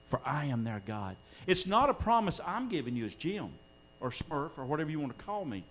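A man's voice: fairly high pitch, sing-song, a little fast, few pauses. A middle-aged man preaching a sermon in a church, earnest, his voice swelling when he quotes scripture. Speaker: pastor. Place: church sanctuary during a live-streamed service.

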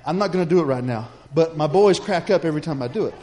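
A man's voice: on the high side, animated, fast, a little mellow. A man preaching a sermon, telling a story in a folksy, chatty way and speaking straight to the congregation.

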